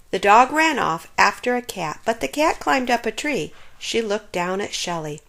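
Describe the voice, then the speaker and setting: A woman reading a children's picture book aloud in an expressive, sing-song storyteller manner. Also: on the high side, normal speed, gravelly, hardly any pauses.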